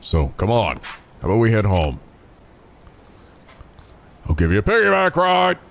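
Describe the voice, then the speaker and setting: A man voicing a gruff grown man gently coaxing a runaway girl home in a game, low and earnest. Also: huge pitch swings, measured pace, background noise, exaggerated voice. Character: gruff, steady adult man protector. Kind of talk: let's play voicing game characters.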